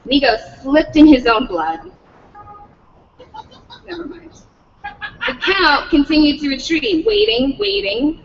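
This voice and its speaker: A woman's voice: high voice, big pitch swings, a little slow, pauses often, in a large hall, distant mic, muffled recording, a little hiss or hum. A woman reading a novel aloud at a public read-in, slipping profanity into the text. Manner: adds profanity, breaks off laughing.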